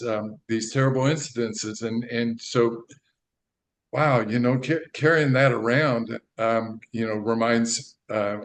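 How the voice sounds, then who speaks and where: A man with a fairly low voice speaks as an author guest in a podcast interview. He is earnest and often pauses to find the right words. Faint noise hums in the background. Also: rough recording. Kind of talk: casual interview chat.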